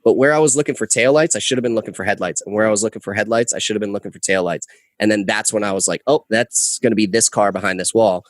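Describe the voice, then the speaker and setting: A young man, a podcast guest, telling a rambling story with animated, casual swearing. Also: lowish voice, racing, no echo. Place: podcast studio. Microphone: close podcast mic.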